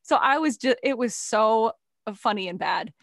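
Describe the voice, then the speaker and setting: Lively American woman podcast host. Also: fairly high pitch, moderate pace, vocal fry, dry recording, clean studio sound. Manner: animated storyteller, acts out quoted voices. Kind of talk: casual interview chat.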